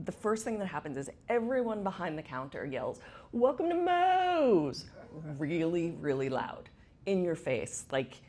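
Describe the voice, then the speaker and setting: A middle-aged woman gives a chatty conference talk in an event space with an audience, putting questions to the listeners. Her voice is low-pitched and a little mellow.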